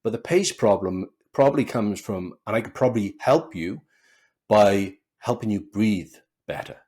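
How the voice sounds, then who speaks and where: A man from Wales with a softened Welsh accent, a speaking coach talking as a podcast guest in an animated, expressive way, acting out quotes as he tells stories. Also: fairly low pitch, normal speed. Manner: animated, expressive storyteller who acts out quotes. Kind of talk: conversational interview.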